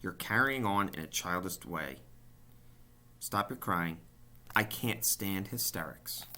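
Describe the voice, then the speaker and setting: Guy voicing a firm, brisk lady spider, lowish and bright. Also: animated, heavily acted. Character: wise female spider, calm and brisk.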